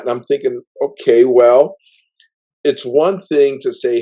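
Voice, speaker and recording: A man hosts a casual podcast interview with a warm, mellow voice at an ordinary middle pitch. He talks in a relaxed, rambling way, restarting his sentences and leaning on "you know.". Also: normal speed, poor audio. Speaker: podcast host.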